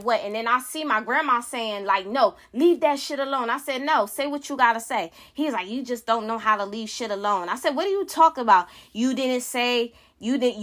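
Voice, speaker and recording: A woman's voice: on the high side, pushed and bright. A woman telling a story to the camera in a casual rant, blunt, heated and full of swearing. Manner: profane, heated, blunt retelling. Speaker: vlogger.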